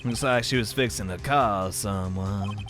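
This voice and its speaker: A man's voice: fairly low pitch, a little slow, over music, pitched below the performer's own voice, close to an everyday voice. A man voicing a swaggering cowboy lawman in a put-on cowboy drawl, teasing and calling everyone partner. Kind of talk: voicing game dialogue.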